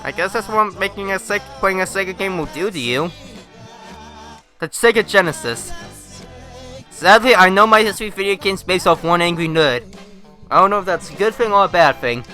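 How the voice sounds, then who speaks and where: A man's voice: high voice, brisk, long pauses, sharp tone, soft background music. A man hosting a reaction video, rambling and joking crudely as he comments.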